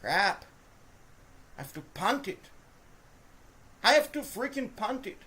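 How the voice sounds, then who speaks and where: A woman commentating her own video game play, swinging between frustrated groans and shouted cheers, talking to the players and to her viewers. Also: medium pitch, very animated, slow pace. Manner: talks to the players and to viewers as folks. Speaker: gaming video host. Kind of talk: live gameplay commentary.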